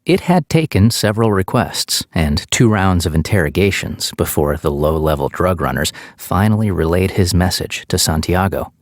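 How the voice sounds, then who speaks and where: Male audiobook narrator, low voice, steady measured read, dry close mic. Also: dry recording.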